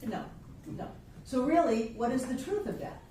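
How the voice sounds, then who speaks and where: A fairly high-voiced woman leads a class, teasing and lively, voicing people's self-talk for the group. She sounds far from the mic in a very echoey room, with a faint hiss behind her. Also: normal speed. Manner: playful, acts out quoted inner voices, laughs often. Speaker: spiritual teacher. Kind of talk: class lecture.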